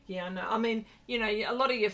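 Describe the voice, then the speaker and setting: A woman's voice: fairly high pitch, fast talker, a bit bright. A middle-aged woman, hosting a casual art livestream, effusively reading out viewer comments while she paints. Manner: gushing, effusive, reads viewer comments aloud.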